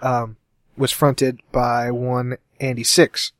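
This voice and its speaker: Young male podcast co-host from Cincinnati, mid-pitched, rambling casual talker, dry close mic. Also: monotone, slow pace, dry recording. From Cincinnati, USA. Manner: rambling, self-correcting, laughs often. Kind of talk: casual chat.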